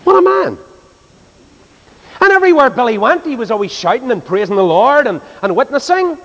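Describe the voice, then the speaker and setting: Animated preacher man in a reverberant hall. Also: very high voice, a little fast. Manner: animated, swinging from loud exclamations to hushed tones. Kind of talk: storytelling sermon. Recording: long reverb of a large hall.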